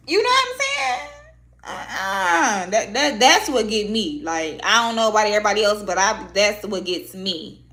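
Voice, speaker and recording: A woman's voice: mid-range voice, a bit bright. A woman vlogger chatting candidly with viewers, blunt and heavy on profanity, talking emotionally about herself. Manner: emotional, heartfelt. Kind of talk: casual candid chat to viewers.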